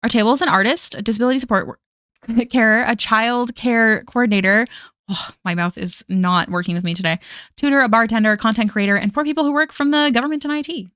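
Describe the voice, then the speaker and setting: A woman's voice: fairly high pitch, fast, a bit bright, no echo. Woman, casual streamer; chatty, self-mocking, laughs a lot; dry, close sound. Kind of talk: casual live-stream chat.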